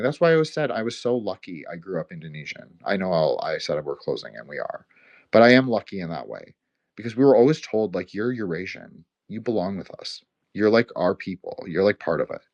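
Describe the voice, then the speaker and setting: A man's voice: lowish voice, muffled recording. A man with a slight Quebecois accent hosting a live audio chat, rambling and profane, with frequent fillers. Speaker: host. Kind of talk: casual closing remarks on a live audio chat.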